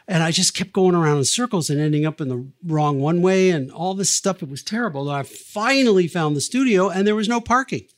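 A man's voice: high voice, brisk, few pauses. An older man, a record producer, telling long anecdotes in an interview, with many fillers and restarts. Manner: lively raconteur, many fillers and restarts, acts out quoted lines. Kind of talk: anecdotal storytelling in a podcast interview.

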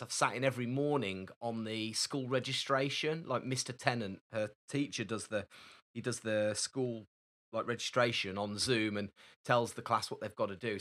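Podcast guy, bright sharp voice, easygoing chat. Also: medium pitch. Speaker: podcast co-host. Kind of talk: casual chat.

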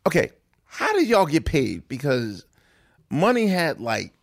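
A man's voice: on the high side, wildly swooping pitch, measured pace, gravelly, no room sound, clean studio sound. A man hosting a casual interview, asking questions and joking along in slang. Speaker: podcast host.

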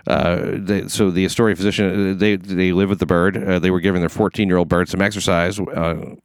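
Host: New man, very low voice, dry close sound, sardonic comic news riffing. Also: flat delivery, brisk, no echo. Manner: sardonic, profane, riffing asides. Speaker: podcast host reading news. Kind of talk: casual comedic news chat.

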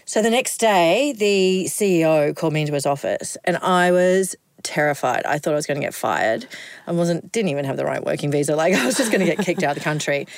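Australian woman, middle-aged broadcaster guest, low-pitched, animated storyteller. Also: brisk, gravelly, no room sound. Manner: lively anecdotal, laughs often. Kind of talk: casual storytelling interview.

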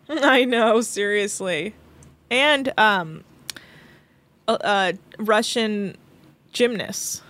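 A woman's voice: medium pitch, drawn-out words, long pauses, fairly bright tone. A woman co-hosting a podcast in casual recap chat, chatty, laughing often and saying "like" a lot. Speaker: podcast co-host.

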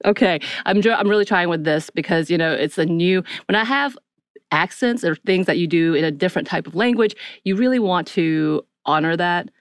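A woman's voice: on the low side, brisk, dry recording, studio quality. A woman co-hosting a podcast, chatting eagerly and laughing at herself as she welcomes a guest. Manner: eager, chatty, self-deprecating. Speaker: podcast co-host. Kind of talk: casual interview chat.

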